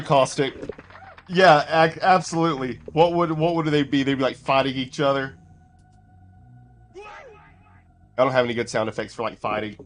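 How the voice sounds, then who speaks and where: A man casually commenting on clips during a live stream, reading out chat names and laughing often. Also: mid-range voice. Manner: chatty, laughs often, greets chat by name.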